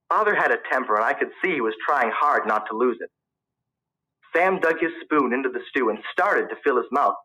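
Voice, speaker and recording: A man's voice: medium pitch, bright, forceful tone, poor audio. A man narrating a story in the first person, in a plain storytelling manner. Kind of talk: audiobook narration.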